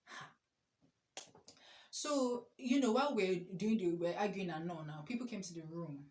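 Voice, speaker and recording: A young woman telling an animated, exclamatory storytime story. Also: lowish voice, moderate pace. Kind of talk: casual storytime. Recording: echoey room.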